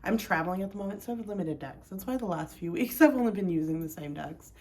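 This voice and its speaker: A woman's voice: medium pitch, expressive, quick pace, darkish tone. A woman hosting a casual pick-a-card tarot video from home, chatty and rambling with many ums, a little out of breath. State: a bit out of breath. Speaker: tarot reader. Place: home, indoors.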